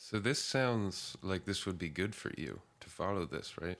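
A man's voice: deep voice, expressive, normal speed, a bit bright. A man co-hosting a podcast in casual chat, laughing often and tossing back quips. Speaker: podcast co-host.

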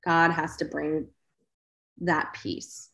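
A woman's voice: low-pitched, flat delivery, very slow, a bit bright. A woman guest on a faith-based podcast, speaking earnestly and emphatically with encouragement. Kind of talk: faith-based casual chat. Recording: roomy echo.

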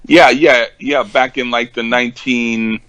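An older man in casual conversation, talking haltingly with many ums and restarts. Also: medium pitch, steady tone, a bit bright, no echo, poor audio. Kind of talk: casual chat.

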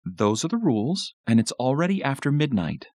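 A man voicing a stern, no-nonsense mother who briskly runs a family vote in a read-aloud horror story. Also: medium pitch, sing-song, darkish tone, dry recording, pitched above the performer's own voice, close to an everyday voice.

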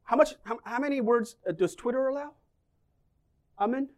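A man's voice: very high voice, moderate pace. A man preaching a sermon, joking and asking the congregation questions as he talks. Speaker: pastor.

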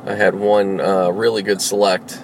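A man's voice: sits low, little pitch movement, normal speed, slight background noise. A man rambling casually while vlogging from inside his car as a rideshare driver, full of fillers, restarts and swearing. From Los Angeles.

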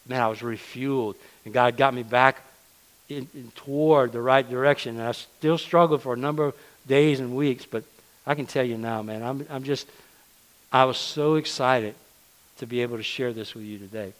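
Male preacher, mid-pitched, conversational sermon, earnest and repetitive. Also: fairly even intonation, moderate pace, low-quality recording. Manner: conversational, earnest, repeats words when emphasizing.

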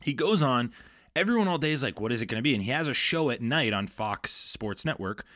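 A man co-hosting a casual podcast, ranting with animated frustration about news and movies. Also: medium pitch, a little fast, dry recording, clean studio sound. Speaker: podcast co-host. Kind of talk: casual chat.

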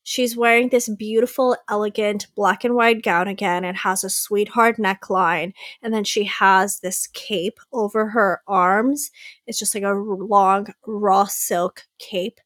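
A woman's voice: medium pitch, steady tone, measured pace, fairly bright tone, dry recording, studio quality. A young woman co-hosting a casual fashion chat, gushing with enthusiasm over red carpet looks. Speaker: co-host.

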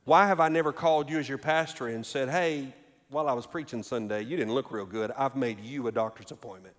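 A man preaching a sermon as pastor, moving from quiet conversational asides to raised, emphatic delivery. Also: mid-range voice, fairly quick. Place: church sanctuary. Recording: reverberant hall.

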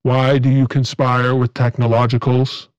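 A cold, dead-eyed alien medium in an audiobook, speaking in a slow, flat, robotic monotone that gives nothing away. The voice carries a robotic filter and a dull, muffled tone, and it sits dry and close. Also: male voice, medium pitch, clean tone, dry recording. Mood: cold, commanding. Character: tall inhuman blue-tinged medium, cold and robotic.

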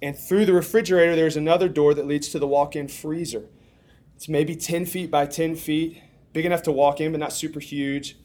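A young man preaching, telling a funny story with big swings from hushed lines to shouted ones. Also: fairly high pitch, steady tone, a little fast. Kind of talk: storytelling sermon.

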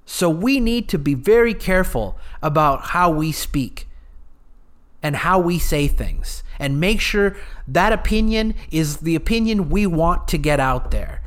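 A man's voice: a little high, animated, measured pace. Earnest man hosting a solo podcast. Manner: earnest, opinionated, thinks aloud with fillers. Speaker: podcast host.

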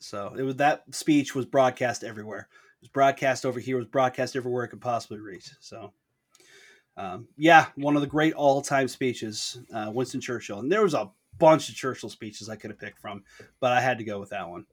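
A man co-hosts a relaxed podcast and chats in an animated, self-deprecating way. He often trails off and restarts his sentences. His voice sits at an ordinary male pitch. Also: fairly quick. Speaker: podcast co-host. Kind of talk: casual chat.

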